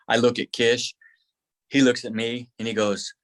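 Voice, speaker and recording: A man's voice: medium pitch, moderate pace. A man, a guest on a podcast, telling a personal story in a rambling, emotional way, with many restarts, acting out his own past words. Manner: grows excited and tearful in the telling.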